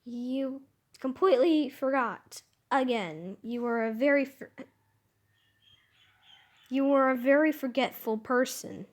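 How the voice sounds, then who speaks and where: A woman's voice: high-pitched, slow pace, long pauses. A woman voicing a nervous, stammering young man with a put-on Norwegian accent in a read-aloud story. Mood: teasing. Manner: hesitant, stammering.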